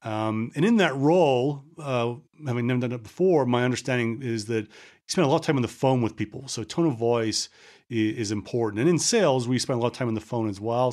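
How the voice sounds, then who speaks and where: A man's voice: mid-range voice, a little mellow. Middle-aged man with a faded Scottish-American accent. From Scotland. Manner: quick talker who sometimes mumbles words. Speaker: podcast host. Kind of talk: solo podcast monologue.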